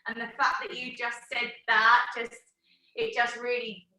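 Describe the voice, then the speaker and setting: A woman's voice: a little high, monotone, unhurried, bright, forceful tone. A woman co-hosting a video call, speaking in an effusive, affectionate way. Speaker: co-host. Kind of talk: emotional supportive talk on a video call. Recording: roomy echo.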